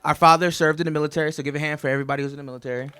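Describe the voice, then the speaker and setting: A man's voice: on the high side, fairly even intonation, very fast, background noise. Joking best man giving a toast. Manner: chatty, joking storyteller. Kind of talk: wedding toast speech. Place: wedding reception.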